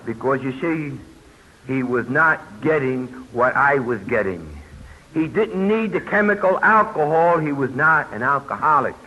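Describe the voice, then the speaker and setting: This older New York man, sharing personal testimony at a recovery convention, has a mid-range, expressive, sharp-toned voice and a measured pace. He tells his story plainly, with folksy asides. Old tape renders it muffled and hissy.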